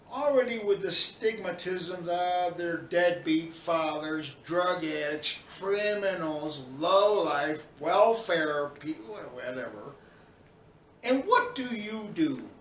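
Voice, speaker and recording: A man from Chicago giving a scolding, sarcastic monologue that often climbs into shouting. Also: on the high side, expressive, takes it slowly, slight background noise. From Chicago, USA. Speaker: video commentator. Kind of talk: heated monologue rant. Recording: roomy sound, distant mic, faint ambience.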